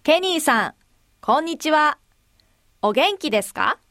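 A woman modeling phrases for a language lesson, saying each slowly and with careful articulation. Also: sits high, very animated, sharp tone, no echo, clean studio sound. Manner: deliberate, clearly articulated. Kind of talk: slow, careful demonstration phrases.

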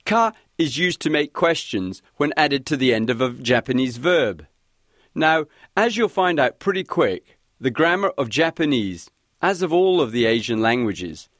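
Lively, encouraging male language teacher. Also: medium pitch, moderate pace, dry recording, studio quality. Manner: clear, guiding, encouraging. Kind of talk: scripted language lesson.

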